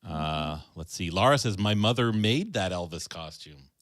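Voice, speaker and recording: Very deep-voiced easygoing man. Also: expressive, normal speed, a bit bright, no room sound, studio quality. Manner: easygoing, laughs along. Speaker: co-host reading viewer comments. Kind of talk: casual chat.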